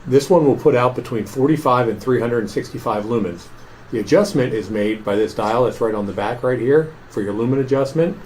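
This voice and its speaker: A man walks through a product demonstration in an office, explaining each setting in a plain, methodical way. His voice sits at an ordinary middle pitch. A faint background noise hangs under the recording. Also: fairly quick, darkish tone, poor audio.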